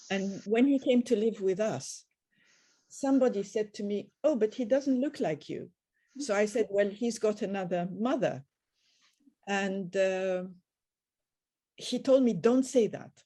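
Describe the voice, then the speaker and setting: An older woman shares family stories over a video call, slipping into quoted conversations as she goes. Her voice is mellow and sits at a middling pitch. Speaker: guest. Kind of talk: storytelling in a group video call.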